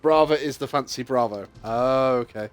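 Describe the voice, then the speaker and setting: A man's voice: mid-range voice, moderate pace, clean tone, soft background music. Chatty male streamer gaming with friends. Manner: chatty, rambling, laughs easily, casual swearing. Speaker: streamer and host. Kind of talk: casual chat while gaming.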